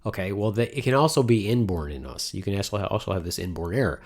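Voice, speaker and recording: Podcast co-host, man, very low voice, rambling and eager, casual nerd chat. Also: fast talker, darkish tone. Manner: rambling, enthusiastic, self-interrupting.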